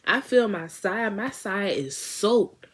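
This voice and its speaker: A young woman vlogger telling a funny personal story in casual, animated slang. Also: mid-range voice, slow, husky. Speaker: beauty vlogger. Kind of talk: storytime vlog.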